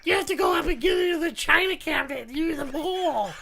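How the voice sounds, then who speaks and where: A man's voice: extremely high pitch, expressive, fast talker, vocal fry, bright, forceful tone, voice pushed up, exaggerated voice. A man putting on the voice of his fussy, nagging older mother-in-law. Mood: scolding.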